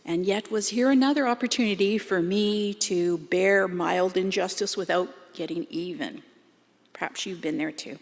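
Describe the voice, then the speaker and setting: A woman's voice: fairly low pitch, normal speed. A middle-aged Canadian woman giving a sermon in a church, speaking in a chatty, self-deprecating way. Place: church sanctuary. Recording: long hall reverb.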